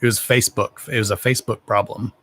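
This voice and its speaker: On the low side but a bit bright, a man's voice carries a breathy edge and a steady tone as he talks fast. He's hosting a casual livestream, bluntly swearing up a storm while gushing affectionately over his viewers.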